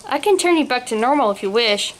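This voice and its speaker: A woman's voice: on the high side, expressive, fast, slight background noise, natural voice, rough recording. A woman reading a story aloud and voicing a polite, apologetic young woman who casts spells.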